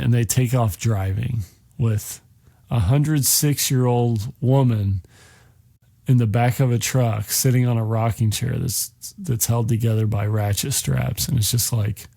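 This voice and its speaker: A man's voice: mid-range voice, warm tone, dry recording, clean studio sound. A man hosting a podcast, retelling a movie in a casual, rambling way that is full of swearing. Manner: rambling and heavily profane, acting out characters' lines. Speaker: podcast host.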